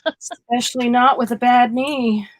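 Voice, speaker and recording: A woman's voice: fairly high pitch, steady tone, unhurried, poor audio. A woman co-hosting a casual chat, agreeing and encouraging with short replies.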